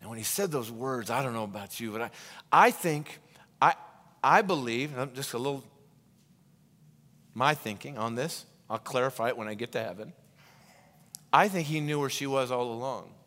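A male pastor preaching a sermon, retelling scripture stories with lively energy and many restarts and repetitions. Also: medium pitch, normal speed, long pauses. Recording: long reverb of a large hall.

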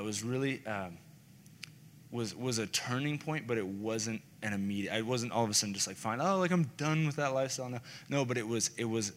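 A man's voice: lowish voice, fairly bright tone. A young man giving an earnest, casual and heartfelt personal testimony sermon. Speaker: speaker sharing his testimony. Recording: reverberant hall with faint noise.

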